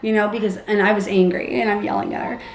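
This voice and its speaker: A young pregnant woman vlogging casually, animated and acting out what people said with big jumps in her voice. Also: fast. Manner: animated, acts out quotes with big pitch jumps. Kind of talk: casual storytelling vlog. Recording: echoey room with faint background hum.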